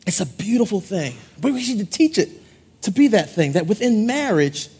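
A middle-aged male pastor, preaching a playful call-and-response sermon in a husky voice. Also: sits high, big pitch swings, moderate pace, a little mellow.

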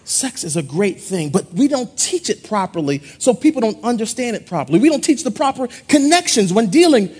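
A middle-aged male pastor, preaching a playful call-and-response sermon in a husky voice. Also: high voice, very animated, fairly quick, few pauses, a little mellow.

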